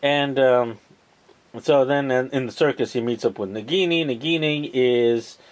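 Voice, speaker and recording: Slow, rambling man retelling a movie. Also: mid-range voice. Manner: rambling, lots of ums and uhs, swears casually. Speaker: vlogger. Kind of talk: casual retelling of a film plot.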